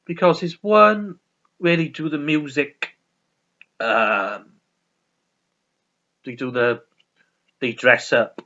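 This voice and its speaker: A man's voice: on the high side, pushed and bright. A man chatting casually as a vlogger, rambling with restarts and chuckling along. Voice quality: rambling, many restarts and laughs. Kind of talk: casual chat about a sitcom. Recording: dull lo-fi recording.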